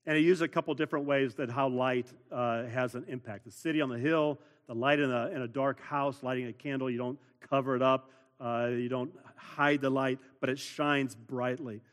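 A man preaching a sermon as pastor, earnest, stressing words by repeating them and building to louder emphasis. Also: mid-range voice, steady tone, moderate pace. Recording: long hall reverb.

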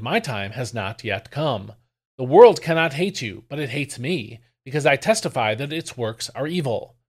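A man reading scripture aloud for a daily devotional, measured and expressive, shifting his delivery for quoted speech. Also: mid-range voice. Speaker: devotional reader.

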